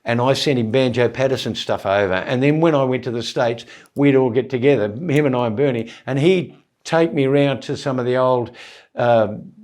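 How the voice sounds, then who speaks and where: An Australian man in his seventies, a comedian telling anecdotes as a guest, animated and acting out voices, with stammered restarts. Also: mid-range voice, normal speed. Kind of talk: anecdotal storytelling in conversation.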